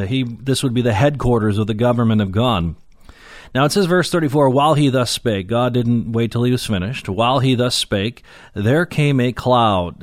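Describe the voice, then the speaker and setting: A man's voice: medium pitch, no room sound, studio quality. A man preaching a Bible lesson, reading scripture aloud and explaining it plainly with frequent fillers. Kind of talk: Bible teaching sermon.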